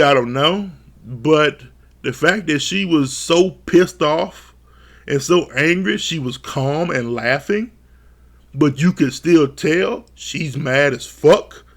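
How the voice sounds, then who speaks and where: Casting note: male reality show reviewer, gravelly voice, slightly high pitch, laughs and swears a lot. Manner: laughs often, swears freely, animated retellings. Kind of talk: casual profane commentary.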